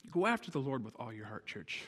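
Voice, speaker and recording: A man's voice: mid-range voice, very animated, fairly quick, fairly bright tone, long reverb tail. A man preaching a sermon to his church, driving points home with emphatic repeated phrases.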